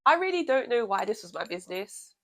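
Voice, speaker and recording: A woman vlogger telling a storytime tale in an animated, sassy way. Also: fairly high pitch, brisk. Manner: animated, sassy, laughs often. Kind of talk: storytime vlog.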